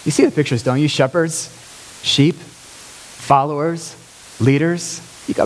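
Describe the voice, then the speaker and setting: A man's voice: fairly high pitch, steady tone, a little slow, pauses often. Man preaching a conversational sermon. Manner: conversational preaching, rising to emphatic peaks. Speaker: pastor.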